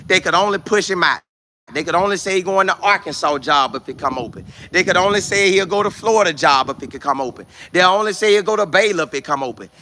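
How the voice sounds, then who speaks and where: A man vlogging outdoors with no studio, talking sports in an excitable, repetitive way full of preacher-like exclamations. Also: high-pitched, quick pace, slight background noise. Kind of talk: casual hyped-up monologue to camera.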